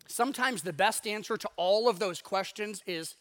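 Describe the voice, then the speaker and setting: A man preaching a sermon in a conversational way, acting out inner voices, with wide swings in loudness. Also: high-pitched, animated, normal speed, few pauses. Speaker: pastor.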